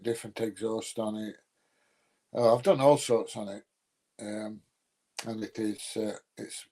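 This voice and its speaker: A man's voice: mid-range voice, dark tone. A middle-aged man from the UK talks casually to his livestream viewers. He rambles, trails off and fills gaps with ums and uhs. His voice sits in an ordinary middle range. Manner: rambling, filler-heavy, chatty. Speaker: livestream host answering chat. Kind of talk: casual chat.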